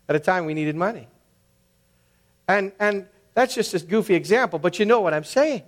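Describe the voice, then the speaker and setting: A man's voice: sits high, lively intonation, fast. A middle-aged man preaching as a pastor in a conversational, storytelling manner, sometimes acting out quoted voices. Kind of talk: sermon.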